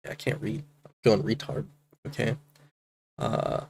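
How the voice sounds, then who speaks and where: A man's voice: on the low side, a little slow, vocal fry, long pauses, darkish tone, slight background noise. Laid-back streamer man, mumbled asides. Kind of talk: casual commentary.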